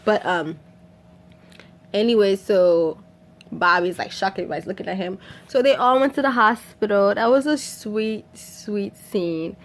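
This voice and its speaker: A woman's voice: medium pitch, a little slow. A woman from Haiti casually retelling a film scene by scene, laughing often and acting out the characters' lines. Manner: animated, laughs often, acts out quotes in whispers and shrieks. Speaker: vlogger recapping a film. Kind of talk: casual storytelling recap.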